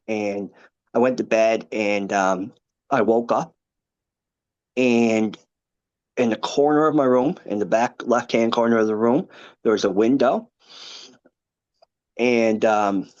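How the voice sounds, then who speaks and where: Appearing as a podcast guest, this man in his thirties recounts something personal. He talks earnestly but haltingly, drifting into asides. His voice is of ordinary male pitch, captured in somewhat dull, lo-fi sound.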